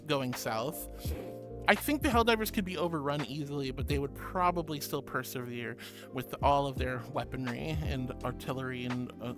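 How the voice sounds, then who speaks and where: Affectionate giggly streamer over music. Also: medium pitch. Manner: affectionate, playful, giggly, calls viewers sweetie and honey. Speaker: VTuber streamer. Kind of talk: casual livestream chat, reading viewer messages. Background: music playing.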